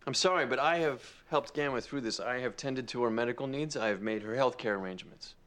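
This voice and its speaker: A man's voice: medium pitch, quick pace, close to an everyday voice. An actor playing a grown man who confronts his estranged mother in a TV drama, sarcastic and bitter. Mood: defiant. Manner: sarcastic, rising to shouting. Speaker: grandson caring for his grandmother. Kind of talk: TV drama acting.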